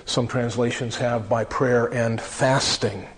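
A man preaching a sermon, earnest and slowing down to stress key phrases. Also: medium pitch, steady tone. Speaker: pastor. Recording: long reverb of a large hall.

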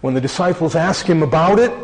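A man preaching a sermon, earnest and slowing down to stress key phrases. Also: on the high side. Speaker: pastor. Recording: long reverb of a large hall.

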